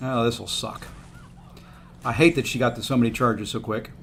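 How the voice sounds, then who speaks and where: A gaming streamer plays a mobile fighting game, rueful and easygoing as he talks to himself and his chat and coaxes his opponent. His mid-range voice is a bit bright, fairly even, and moderately paced. There is slight background noise.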